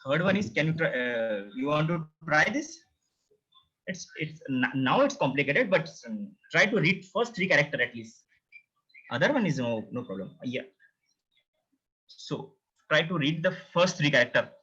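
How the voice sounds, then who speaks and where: A man teaching a beginners' class, repeating each sound slowly for his students. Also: fairly high pitch, expressive, sharp tone, breathy edge. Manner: repeats words slowly for learners, drawn-out demonstrations. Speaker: language teacher. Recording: muffled lo-fi recording.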